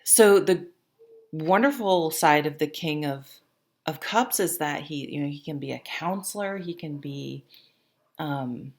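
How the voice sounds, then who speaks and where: Gravelly low-voiced woman reading tarot. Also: a little slow. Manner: chatty, rambling, self-interrupting. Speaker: tarot reader. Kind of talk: casual tarot reading to camera.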